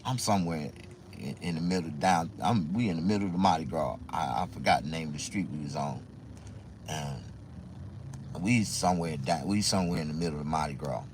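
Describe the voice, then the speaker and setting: A man's voice: extremely low pitch, fairly quick, background noise. A man telling a rambling personal story in a casual, profane way, laughing often and repeating himself.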